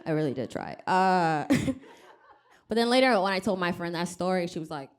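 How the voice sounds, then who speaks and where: On a comedy club stage before a live audience, a woman from Rwanda performs a stand-up set. Her voice is on the low side and expressive, at a moderate pace, and her humor is wry and self-deprecating as she acts out other people's voices.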